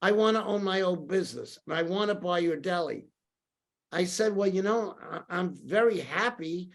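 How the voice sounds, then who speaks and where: His voice is high and creaky, moving at a normal speed. The older New Yorker is a podcast guest in a casual storytelling interview, recounting anecdotes with energy and acting out what people said.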